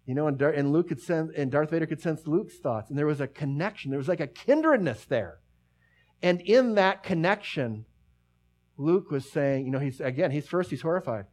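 A middle-aged man preaching a sermon as pastor, talking conversationally with many restarts and dropping to a hush for emphasis. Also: fairly high pitch, animated, normal speed.

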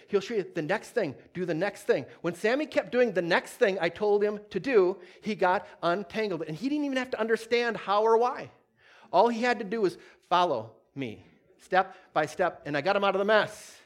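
A man's voice: high-pitched, animated, brisk. A middle-aged man preaching a sermon, telling a story with laughs and putting on little voices.

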